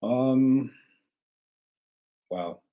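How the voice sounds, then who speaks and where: A man's voice: medium pitch, extremely slow. A man rambling casually through viewer questions. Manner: relaxed, rambling, with frequent restarts. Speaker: host answering viewer questions. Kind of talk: casual livestream Q&A.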